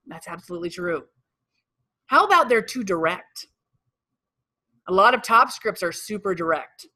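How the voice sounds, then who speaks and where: Upbeat woman workshop coach, bright voice, draws answers from the room and echoes them back. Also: medium pitch, normal speed, pauses often. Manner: energetic, quizzes the room and repeats answers back. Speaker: real estate sales trainer. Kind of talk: live workshop lesson with audience questions. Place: training room with live audience.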